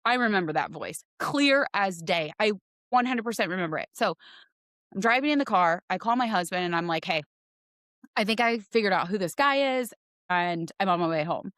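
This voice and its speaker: A woman in her forties telling a personal story in a casual podcast chat, animated and acting out voices as she goes. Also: medium pitch, moderate pace, dry recording, studio quality. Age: 40s. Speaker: podcast guest, realtor.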